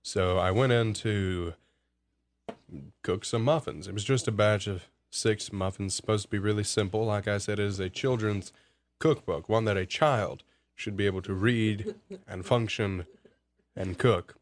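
A man's voice: on the low side, a little slow. Laid-back eighteen-year-old man, rambling. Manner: relaxed, rambling, self-mocking with laughs. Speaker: guest. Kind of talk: casual storytelling.

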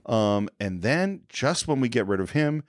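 On a film podcast, a male co-host with a mid-range voice and lively intonation retells a movie scene by scene at a measured pace, briefly acting out the characters' lines. The studio sound is clean, with no echo.

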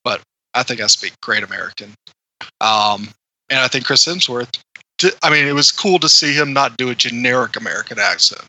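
A man's voice: mid-range voice, expressive, brisk, sharp tone, rough recording. A man reviewing a film on a podcast in casual chat, hesitant with many fillers.

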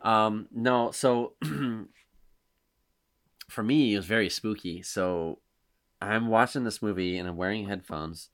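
Man, 30s, podcast host, casual chat, animated storyteller, lowish pitch. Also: slow pace, long pauses. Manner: animated storyteller, acts out quotes loudly.

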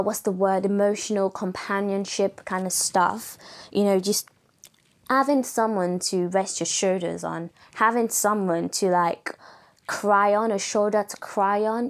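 A young woman with a raspy voice, hosting a casual solo podcast in a chatty, playful way, laughing often. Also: medium pitch. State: voice going raspy. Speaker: podcast host.

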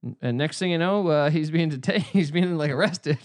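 Animated swearing podcast man, higher voice. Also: fairly quick, no room sound. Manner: animated storyteller, swears freely. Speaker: podcast co-host. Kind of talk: casual sports podcast chat.

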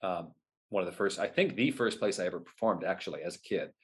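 A man, a guest telling stories in an animated way and acting out his own past remarks. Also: low-pitched, fast. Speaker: guest, whip performer at renaissance fairs. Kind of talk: casual interview storytelling.

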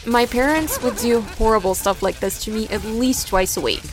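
A woman narrating a first-person story in an expressive, dramatic way. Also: on the high side, moderate pace. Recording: background music.

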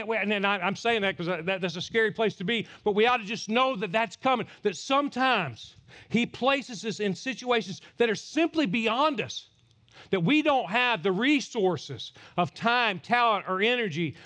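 A pastor delivering a sermon at a church service, animated and teasing the congregation. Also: male voice, high voice.

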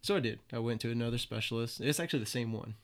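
A man in his twenties tells stories in a relaxed, conversational way. He swears freely and often laughs at what he is describing. His voice sits at an ordinary middle pitch. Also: rapid-fire. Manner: loose and profane, laughs at his own stories. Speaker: guest. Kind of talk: casual storytelling.

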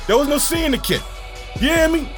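A man telling a wild childhood story in a slangy, excitable way, shouting at the big moments. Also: very high voice, fairly quick, soft background music. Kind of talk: animated casual storytelling.

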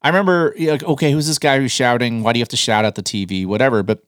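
A man co-hosting a casual podcast, talking in an animated, blunt way and swearing freely. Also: mid-range voice, rapid-fire, no echo, clean studio sound. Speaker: podcast co-host.

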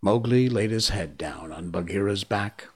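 A man narrating a classic storybook in a measured, hushed manner. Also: on the low side, breathy edge.

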